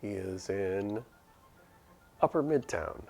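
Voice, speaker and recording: A man's voice: lowish voice, animated, takes it slowly, a little mellow. A man streaming a game, giving casual commentary and muttering through quest text aloud. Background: faint music.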